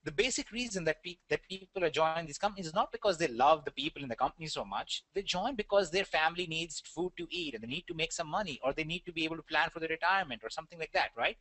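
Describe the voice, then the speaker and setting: A man's voice: fairly high pitch, fast, few pauses, pushed and bright, no room sound. A man with an Indian accent presenting an online webinar, talking earnestly with a rambling delivery and many fillers.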